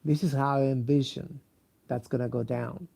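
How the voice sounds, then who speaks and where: Sleepy, gravelly man. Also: medium pitch, fairly even intonation, warm tone. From Mexico. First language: Spanish. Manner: halting, many fillers and restarts, profane. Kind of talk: rambling casual monologue.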